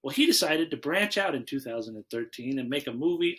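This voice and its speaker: A man's voice: mid-range voice, fast talker. A man hosting a casual movie podcast, telling stories and acting out quotes in exaggerated voices. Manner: animated storyteller, acts out quotes in exaggerated voices. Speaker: podcast host.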